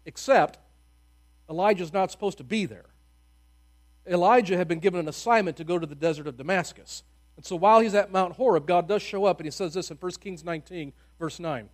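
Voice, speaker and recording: Storytelling preacher man, fairly high voice. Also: brisk. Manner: folksy, humorous retelling with loud bursts and hushed drops. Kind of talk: conversational sermon storytelling.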